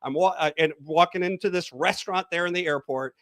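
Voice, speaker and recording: A man's voice: high voice, fairly quick, fairly bright tone, dry recording. A man, a coach, guest on a podcast interview, leading a guided visualization in a storytelling manner.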